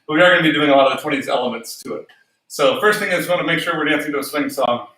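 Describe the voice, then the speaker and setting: A man's voice: a little high, rapid-fire, pushed and bright, distant mic. A man teaching a solo swing dance class, talking through steps and counting beats aloud in rhythm. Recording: echoey room, voice from off-mic.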